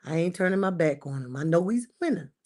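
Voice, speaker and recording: A woman hosting a livestream, ranting casually to her chat about her football team. She repeats lines for emphasis and swings between shouting and muttering. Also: lowish voice, animated, fast talker. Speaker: livestream host. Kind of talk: casual sports rant to live chat.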